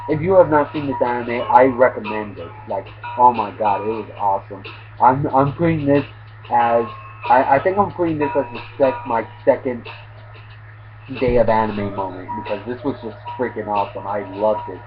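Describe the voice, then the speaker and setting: A man's voice: medium pitch, moderate pace. A man casually recapping an anime episode in rambling, slangy talk, full of fillers and restarts. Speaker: anime reviewer. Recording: dull lo-fi with loud music behind. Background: loud background music.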